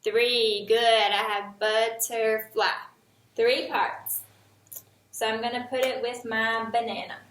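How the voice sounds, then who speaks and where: A woman leads a lesson for small children at an unhurried, deliberate pace, with every word crisply enunciated. Her voice is bright and fairly high, and her tone stays encouraging throughout. The sound carries a noticeable echo from the room. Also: fairly even intonation. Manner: slow, encouraging, clearly enunciated. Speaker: teacher. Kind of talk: early-years remote lesson.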